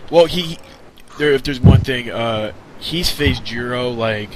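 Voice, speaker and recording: A man's voice: mid-range voice, takes it slowly, heavy background noise. A man hosting a wrestling podcast in casual chat, laid-back and swearing freely. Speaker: podcast host.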